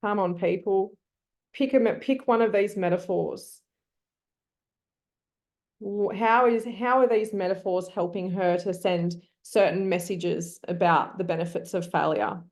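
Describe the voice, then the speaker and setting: A woman's voice: mid-range voice, unhurried, a little mellow. A woman teaching an online class, coaxing her students and thinking aloud with frequent ums.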